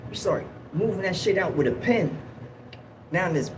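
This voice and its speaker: A man hosting a livestream, telling a story in a casual, slangy, animated way and acting out what people said. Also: high-pitched, moderate pace, background noise. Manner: animated, slangy, acts out quotes in raised yells. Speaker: livestream host.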